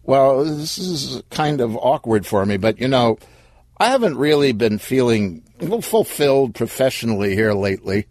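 A man's voice: mid-range voice, lively intonation, normal speed, darkish tone, dry recording, natural voice. A man voicing a laid-back young gamer in an audio story, casual and offhand.

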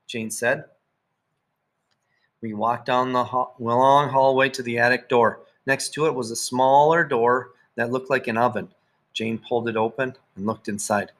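A man's voice: medium pitch, steady tone, measured pace, fairly bright tone. A young man reading a first-person children's chapter book aloud as its narrator. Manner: first-person storytelling, lifting his voice for the children's lines. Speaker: audiobook narrator.

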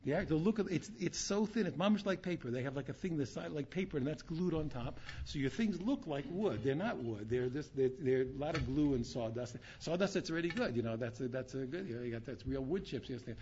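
A man's voice: fairly high pitch, lively intonation, quick pace, few pauses, a little mellow. A man talking to his students as their rabbi, rambling and repeating himself, with Hebrew terms mixed in. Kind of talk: informal talk with a story. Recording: dull lo-fi sound, faint room noise.

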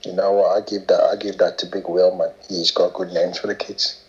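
A man's voice: low voice, little pitch movement, brisk. A man co-hosting a podcast, slangy and swearing in casual banter. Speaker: podcast co-host. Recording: dull lo-fi podcast sound.

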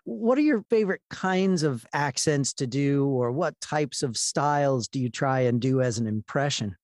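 A middle-aged man hosting a casual podcast interview over a video call, folksy and quick to laugh. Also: mid-range voice, animated, no room sound, clean studio sound. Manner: warm-hearted, laughs easily, folksy. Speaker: podcast host, voice coach.

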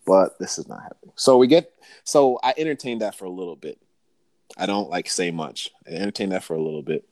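Deep-voiced man telling a story. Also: fairly quick, dry recording. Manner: animated storyteller, slangy, acts out quoted dialogue. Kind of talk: casual storytelling chat.

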